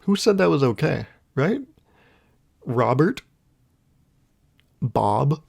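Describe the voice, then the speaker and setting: A man's voice: medium pitch, big pitch swings, very slow, gravelly, a little mellow. A young man hosting a solo podcast, rambling through a casual comedic monologue and laughing at his own jokes. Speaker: podcast host.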